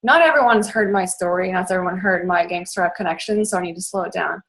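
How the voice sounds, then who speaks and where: A young woman from the Boston area who talks very fast in a bubbly, chatty way as she coaches her team in a casual talk. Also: on the low side, fairly bright tone. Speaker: network marketing fitness coach.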